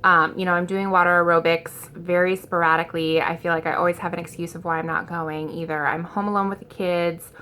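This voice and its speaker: A woman's voice: fairly low pitch, little pitch movement, fairly quick, hardly any pauses, bright, forceful tone, slight background noise. A woman in her thirties talking casually in a rambling, self-deprecating vlog, full of ums and likes, and scatterbrained by her own account. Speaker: vlogger.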